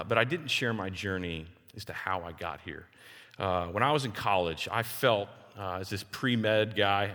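A man in his forties from Texas, preaching a sermon and telling personal stories, acting out the voices of the people in them. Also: lowish voice. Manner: animated storyteller who acts out other people's voices. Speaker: pastor. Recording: long hall reverb.

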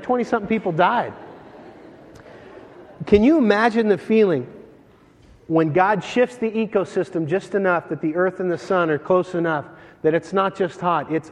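A man preaching a sermon as pastor, animated and joking as he tells stories between scripture readings. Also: sits high, moderate pace. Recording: long hall reverb.

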